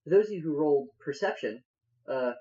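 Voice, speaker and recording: A man narrating as game master, halting and full of fillers. His voice is mellow and warm, recorded on slightly dull podcast audio. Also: fairly high pitch, animated.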